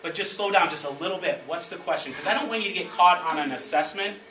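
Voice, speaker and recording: A man's voice: high voice, quick pace. Man teaching a class, echoey room. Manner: energetic, directive, call-and-response prompting. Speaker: elementary school teacher. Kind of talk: leading a classroom math lesson. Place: elementary school classroom. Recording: echoey classroom, distant mic, background noise.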